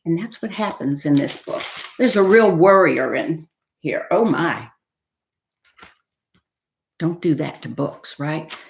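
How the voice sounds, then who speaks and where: Library storytime lady, slow and expressive, bouncy voice, echoey room. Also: low voice, gravelly. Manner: animated and expressive. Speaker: storytime reader. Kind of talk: reading picture books to children.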